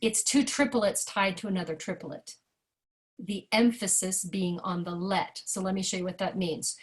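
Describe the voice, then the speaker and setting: A woman's voice: medium pitch, normal speed. Chatty woman teaching jazz singing. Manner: chatty, animated, sings rhythm syllables to demonstrate. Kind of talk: online workshop lesson. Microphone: video call.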